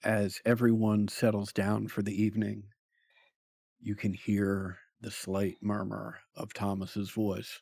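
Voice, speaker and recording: Man as game master, low voice, very slow, halting delivery, dry close sound. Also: monotone, gravelly, a little mellow, dry recording. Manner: slow, hesitant narration with many ums. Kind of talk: narrating a tabletop game.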